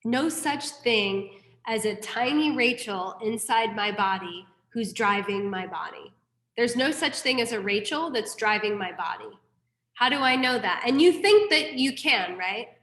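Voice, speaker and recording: A woman gives a Buddhist class at an unhurried pace, her voice a little high. She talks frankly and casually and drops in self-mocking asides. The room around her is echoey. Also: animated, fairly bright tone. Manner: frank, candid teaching with mild profanity and self-deprecating asides. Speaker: Buddhist teacher. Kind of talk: dharma class lecture.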